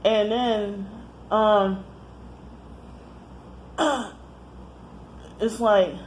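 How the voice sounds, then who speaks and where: A woman talking casually to camera in a personal monologue, rambling, halting and often correcting herself mid-sentence. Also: medium pitch, fairly even intonation, a little hiss or hum. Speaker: vlogger.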